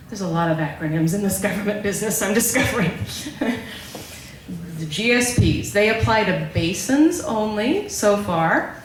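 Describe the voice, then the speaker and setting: A woman giving a prepared public talk, explaining a ballot measure and often checking in with her listeners. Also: mid-range voice. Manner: explanatory, keeps checking in with "okay?". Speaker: local speaker presenting on a ballot measure. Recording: very echoey room with faint background noise.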